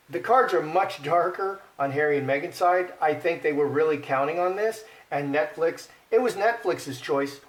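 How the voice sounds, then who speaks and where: A man giving casual commentary while reading cards, thinking aloud, repeating himself and murmuring the card names. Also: fairly high pitch. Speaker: card reader.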